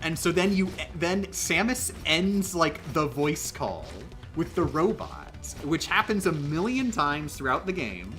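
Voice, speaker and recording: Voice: medium pitch, big pitch swings, a little slow, hardly any pauses, a bit bright, soft background music. A livestreamer chatting casually during a game stream, rambling with lots of fillers and emphatic restarts.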